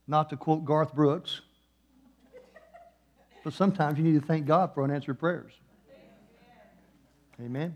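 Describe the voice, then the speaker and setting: A man preaching a sermon in a church, moving between hushed, slow passages and loud, passionate peaks. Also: fairly high pitch, fairly even intonation, highs cut off. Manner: impassioned, swings from hushed to loud. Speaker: guest preacher.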